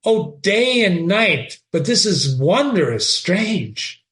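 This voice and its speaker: A man's voice: sits high, big pitch swings, slow pace, fairly bright tone, faint music behind, heavily acted. Man reading as a loyal, cautious friend. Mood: earnest. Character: loyal young male friend, cautious and earnest. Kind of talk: dramatic reading of a play.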